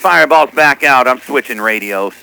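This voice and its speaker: A man's voice: mid-range voice, normal speed, gravelly, very noisy. A man chatting casually as a CB radio operator, teasing others and repeating what they said on air.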